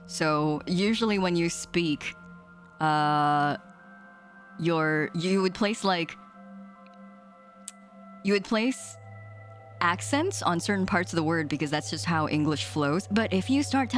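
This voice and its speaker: A woman's voice: lowish voice, lively intonation, measured pace, long pauses, faint music behind. Giggly, chatty woman streamer. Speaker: streamer playing a game. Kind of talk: casual live-stream commentary.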